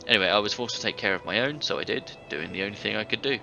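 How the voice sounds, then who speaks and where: A boastful middle-aged ex-thief. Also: male voice, fairly low pitch, lively intonation, very fast, gravelly, bright, forceful tone, exaggerated voice. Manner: boastful, hearty storytelling. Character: older male ex-thief, boisterous tavern storyteller. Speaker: game character. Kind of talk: video game voice acting. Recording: dull game audio with faint hiss.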